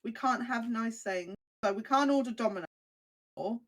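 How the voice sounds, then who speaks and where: A young woman with a slightly high voice spins a funny story in a relaxed podcast chat, acting out the voices of the people in it. She drops in casual swearing and keeps the pace loose and conversational. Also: a little fast. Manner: animated anecdotes, acts out quoted voices, swears casually. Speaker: podcast co-host.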